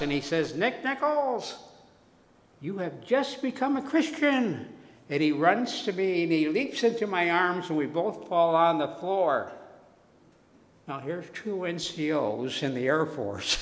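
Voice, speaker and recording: A man preaching a sermon, telling his own story slowly, dropping to soft tones and then rising loud. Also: on the high side. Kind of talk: sermon testimony. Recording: echoey hall with long reverb.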